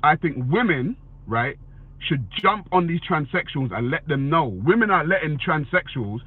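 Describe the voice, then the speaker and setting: A man delivers a blunt, casual opinion monologue, swearing as he answers viewer comments and repeating "you know what I'm saying." His voice is fairly high and husky with lively intonation at a moderate pace. The sound is dry and tinny like a phone, with no echo.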